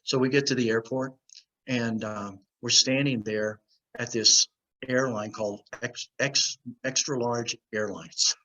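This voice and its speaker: Man telling a lively story. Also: mid-range voice, measured pace, rough recording. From United States. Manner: animated anecdote teller, acts out quoted voices. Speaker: guest. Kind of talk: storytelling in a casual interview.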